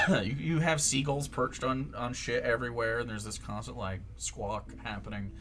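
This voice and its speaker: A man's voice: mid-range voice, steady tone, normal speed, sharp tone. A man narrating a tabletop game as game master, casual and profane, with many ums and likes.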